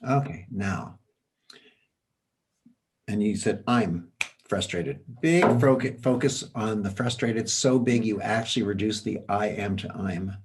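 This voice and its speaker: A man guides a participant through a coaching exercise on a video call. His voice sits low and his pace is unhurried. He gently repeats his prompts. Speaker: healing facilitator.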